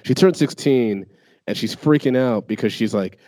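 Mellow-voiced man in casual chat. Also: medium pitch, moderate pace, dry recording, clean studio sound. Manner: animated, profane storytelling.

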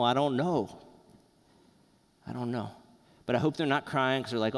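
Earnest pastor preaching in a reverberant church. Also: male voice, medium pitch. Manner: earnest, conversational preaching with pauses. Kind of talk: sermon. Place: church sanctuary.

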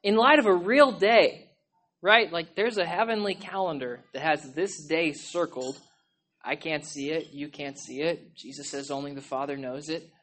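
A woman pastor preaching a sermon in a church, passionate and pleading, often shouting, with a chatty, conversational manner. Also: low voice, normal speed. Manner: impassioned, yelling and pleading; conversational, with frequent "like" and "okay?".

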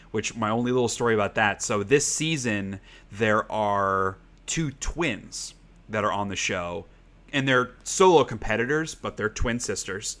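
A man's voice: on the low side, pushed and bright. A man co-hosting a podcast who chats casually and rambles, swearing freely and using lots of "like". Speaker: podcast co-host. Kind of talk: casual chat.

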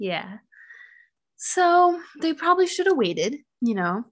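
A woman's voice: sits high, big pitch swings, takes it slowly. A young woman co-hosting a podcast, telling a true crime case in casual chat full of "like" and "um". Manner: chatty, heavy use of "like" and "um".

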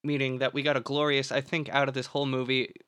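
A man's voice: mid-range voice, flat delivery, quick pace, fairly bright tone, clean tone, no room sound. A young man co-hosting a casual podcast, recapping a film plot in a rambling, filler-heavy way and swearing freely.

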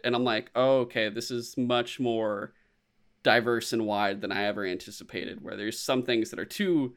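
A man chatting casually as a podcast co-host, excitable and full of swearing. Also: mid-range voice, moderate pace. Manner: excitable, profane, swears freely. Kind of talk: casual chat.

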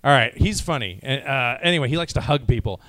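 A tired, jet-lagged voice actor speaks casually to a live audience in a convention hall panel room. His medium-pitched, fairly bright voice is animated and fairly quick as he rambles, jokes and restarts often.

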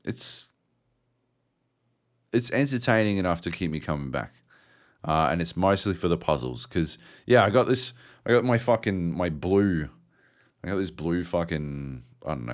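A lower-voiced man on a gaming podcast who talks at an unhurried pace but swings his pitch widely as he tells stories. His chat is loose and profane, full of fillers and asides. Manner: profane, animated storytelling. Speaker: podcast co-host. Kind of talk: casual chat about video games.

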